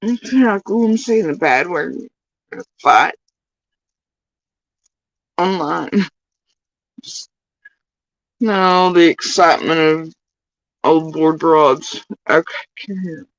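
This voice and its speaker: A woman's voice: low voice, very slow, pauses often, no echo, muffled recording. A woman streamer, ranting and swearing in sarcastic, mocking commentary on clips she plays.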